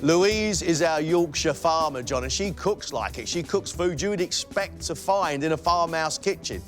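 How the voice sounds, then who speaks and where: A man's voice: lively intonation, moderate pace, faint music behind. A man hosting a cooking competition, chummy and teasing, calling out the time left. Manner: chummy, teasing, booming countdowns. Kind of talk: lively TV presenting. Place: TV studio kitchen.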